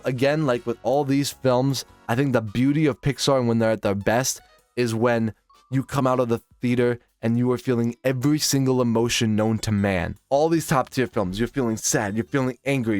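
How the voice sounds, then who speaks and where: A man's voice: medium pitch, darkish tone. A man of twenty from Minnesota, ranking films in a blunt, profane, opinionated monologue. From Minnesota, United States. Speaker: film reviewer.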